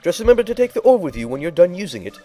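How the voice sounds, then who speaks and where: A man's voice: sits high, big pitch swings, racing, mellow, faint music behind, pitched above the performer's own voice. A man voicing a crotchety, bossy old female tribal elder in a game playthrough, scolding and barking orders. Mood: explaining.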